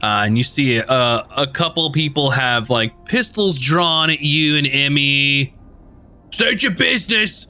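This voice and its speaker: A man's voice: mid-range voice, unhurried, hardly any pauses, sharp tone, clean tone, faint music behind. A man narrating a tabletop game as game master, rambling with lots of fillers.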